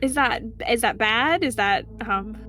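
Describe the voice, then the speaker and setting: A woman's voice: a little high, expressive, unhurried, over music. A woman playing her character in a tabletop game, hesitant and full of fillers. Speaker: player.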